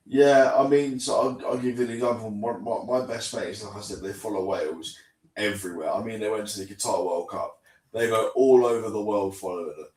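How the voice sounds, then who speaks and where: A man's voice: lowish voice, brisk, a little mellow. A man from England co-hosting a casual football fan podcast, chatty and self-deprecating. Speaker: podcast co-host. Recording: roomy, slightly distant mic.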